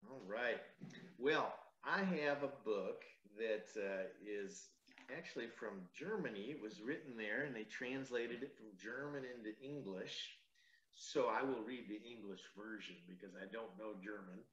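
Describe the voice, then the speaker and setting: A pastor reads a picture book aloud to children in a slow, unhurried way, pausing for gentle, chatty asides. His voice sits at an ordinary middle pitch for a man. The sound is echoey and a little dull, like a lo-fi recording in a roomy space.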